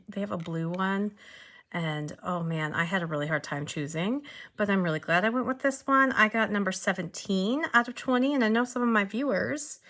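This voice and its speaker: A young woman with a bright, clear voice gushes through a casual unboxing, bubbly and eager. She trails off, restarts, and stumbles over her own excitement as she chats to her viewers. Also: mid-range voice. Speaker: pen reviewer, channel host.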